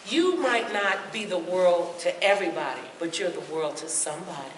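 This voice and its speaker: A woman's voice: fairly low pitch, normal speed. A woman giving a humorous, sassy health talk to a live audience, acting out little voices as she goes. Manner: sassy, lively, acts out voices. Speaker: motivational speaker. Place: large hall with audience. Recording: echoey hall, mic from far off, noisy.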